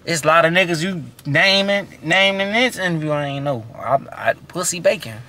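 Guy, cussing and blunt, stumbles and restarts a lot, bright voice, faint hiss behind. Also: on the high side, expressive, moderate pace. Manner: blunt, profane, restless, repeats himself. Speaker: interview guest. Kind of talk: casual interview chat.

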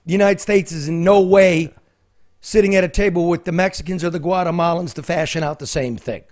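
A man's voice: high-pitched, brisk, darkish tone. A man hosting a talk show, brash and sarcastic, given to theatrical asides.

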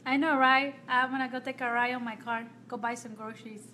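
A woman from Nicaragua, chatting casually with viewers on a live stream as a makeup artist, talkative and quick to laugh. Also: a little high, steady tone, pushed and bright, slight background noise.

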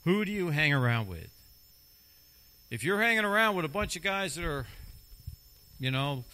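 A man's voice: on the high side, big pitch swings, moderate pace, pauses often, sharp tone. A middle-aged man preaching a sermon as a lay preacher, talking emphatically and repeating key phrases for stress.

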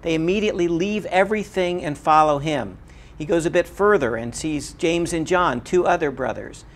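A man's voice: fairly high pitch, normal speed. A man giving a recorded Bible lecture, earnest and emphatic, repeating his key points. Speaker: Bible teacher.

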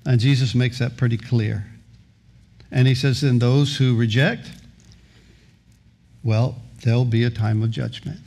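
A man's voice: medium pitch, fairly even intonation, unhurried, long pauses, warm tone. A middle-aged male pastor preaching a sermon, telling a story and acting out its voices, often repeating words as he starts sentences. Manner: storytelling, acts out voices in anecdotes.

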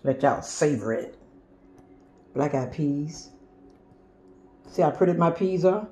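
A woman's voice: low-pitched, lively intonation, slow pace, darkish tone, slight background noise. A woman, showing her home-cooked meal to viewers in a homey, chatty way. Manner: homey, chatty, addresses viewers as y'all and honey. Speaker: cooking vlogger. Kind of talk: casual cooking show-and-tell.

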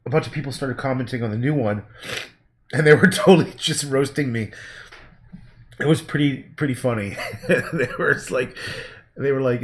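A man talking casually on a livestream as he paints, rambling and laid-back, swearing now and then. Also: mid-range voice. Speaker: painter streaming his work.

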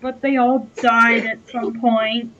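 A woman co-hosting a livestream, soft-spoken and shy, giving short replies in casual chat. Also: fairly high pitch, level tone, slow, lo-fi sound, a crowd in the background. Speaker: stream co-host. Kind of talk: casual chat while gaming.

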